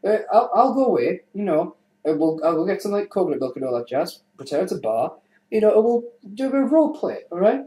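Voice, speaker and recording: A man's voice: sits high, sing-song, fast, warm tone, voice pushed up. A man voicing an eager female actress stranded on an island, pleading to play a friend. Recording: roomy echo.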